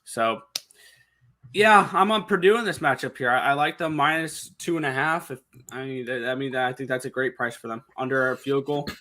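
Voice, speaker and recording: A man co-hosting a sports betting show, talking quickly through point spreads and picks with frequent restarts. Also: medium pitch, pushed and bright. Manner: fast, number-heavy with frequent restarts. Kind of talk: casual picks talk.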